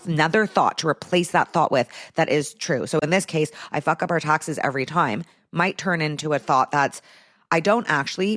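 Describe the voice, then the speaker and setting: A woman with a low, deep-set voice hosts her own podcast in a loose, conversational way. She talks candidly straight into the microphone and peppers her sentences with "like". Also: fairly bright tone. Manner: chatty and candid, heavy use of "like". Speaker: podcast host. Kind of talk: casual solo podcast chat.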